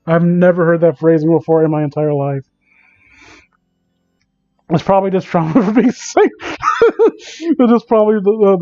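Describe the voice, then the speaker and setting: A man's voice: high voice, dark tone, highs cut off. A man hosting a comedic reading of fan fiction, breaking off into sarcastic, incredulous, rambling asides. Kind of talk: comedic dramatic reading with commentary.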